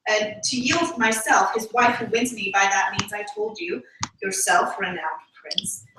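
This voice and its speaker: A woman reading a play aloud, voicing a composed young noble lady in a measured, formal way. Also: fairly high pitch, background noise, natural voice. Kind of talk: live read-aloud of a play. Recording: echoey room, distant mic.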